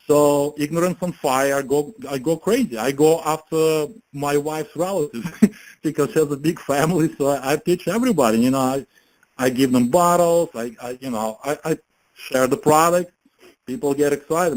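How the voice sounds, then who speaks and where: A man's voice: fairly high pitch, moderate pace, poor audio. Chatty man giving a motivational talk. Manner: chatty, keeps asking the listeners rhetorical questions. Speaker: network marketing presenter.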